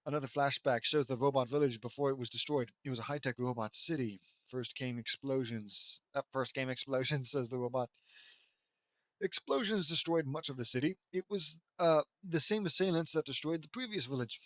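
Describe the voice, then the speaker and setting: A man's voice: on the high side, a little fast, no echo. A man reading a fan fiction story aloud, stumbling over lines and breaking off to mock the writing. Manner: stumbling, sarcastic asides, laughs at the text. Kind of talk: mocking dramatic reading with commentary.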